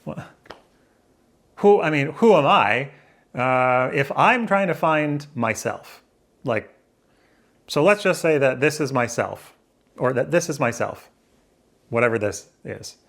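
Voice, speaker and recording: A man speaks in a mid-range, slightly bright voice with vocal fry, lively intonation, a slow pace and long pauses. He's vlogging indoors by a window to a camera facing him, rambling and questioning himself as he thinks aloud in a musing, casual monologue.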